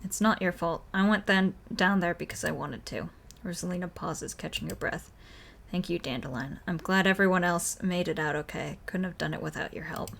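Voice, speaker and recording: A woman's voice: fairly low pitch, moderate pace, vocal fry, a bit bright. A woman reads a horror visual novel aloud on stream, giving every character's lines in her own everyday voice. Between lines she breaks off to react to the story. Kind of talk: reading game dialogue aloud with own reactions.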